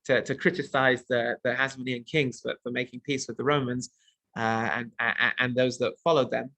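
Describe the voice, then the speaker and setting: Bright-voiced man teaching a text class. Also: mid-range voice, level tone, moderate pace, no echo. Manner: translates Hebrew phrases as he goes, many restarts. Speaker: Torah teacher.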